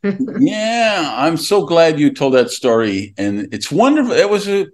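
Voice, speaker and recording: A man's voice: fairly high pitch, sing-song, unhurried. A man hosting an interview podcast, chiming in now and then to encourage his guest. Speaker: podcast host. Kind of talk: casual interview.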